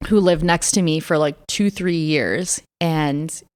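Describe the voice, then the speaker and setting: Young female podcast co-host, slightly low voice, candid and profane, lots of "like". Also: slow, a little mellow. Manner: candid storytelling, frequent swearing and laughter, lots of "like". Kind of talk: casual chat.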